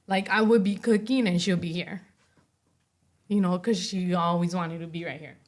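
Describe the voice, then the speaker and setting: Halting woman recounting her story. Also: lowish voice, steady tone. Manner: halting, heavy with fillers like "you know" and "like"; acts out other people's words while telling her story. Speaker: interview guest. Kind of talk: recounting a personal story in an interview.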